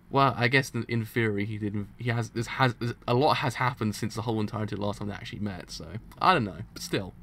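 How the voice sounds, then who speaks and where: Gravelly, bright-voiced excitable man. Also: fairly low pitch, fast, hardly any pauses. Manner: excitable, bursts into loud outcries. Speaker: streamer reacting to a manga. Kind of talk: live reaction stream, reading aloud.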